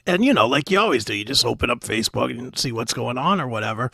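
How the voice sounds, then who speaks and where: A man guest co-hosting a casual chat show, telling stories in an animated, profane way. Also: mid-range voice, quick pace, gravelly, breathy edge, no echo. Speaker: guest co-host.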